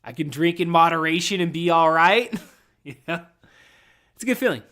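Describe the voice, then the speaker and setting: A young man talking loosely into his podcast mic from his room at home, swearing freely as he rambles along. His voice sits a little on the high side for a man, relaxed and chatty. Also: normal speed. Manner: rambling and profane, laid-back. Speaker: podcast host. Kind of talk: casual solo podcast chat.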